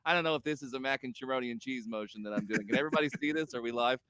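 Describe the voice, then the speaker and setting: A man co-hosting a casual podcast chat, excitable and laughing as he tells stories. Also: mid-range voice, fast, smooth, no echo. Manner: excitable, laughing, animated storytelling. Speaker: podcast co-host.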